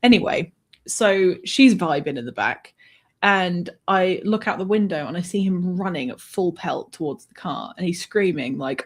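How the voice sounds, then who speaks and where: A woman guest telling a personal anecdote in a lively, conversational way, often laughing and swearing. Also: lowish voice, normal speed. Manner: animated, laughing, swears freely. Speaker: author guest. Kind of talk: conversational storytelling.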